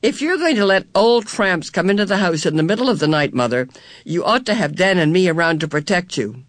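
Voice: medium pitch, animated, a little fast, dry recording, studio quality, lightly acted. A reader voicing a bossy, confident boy twin in a storybook reading.

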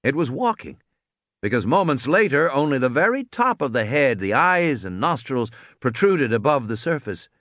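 A man narrating a story aloud, expressive, doing voices for the characters. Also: medium pitch, moderate pace, dry recording, studio quality. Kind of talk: audiobook reading.

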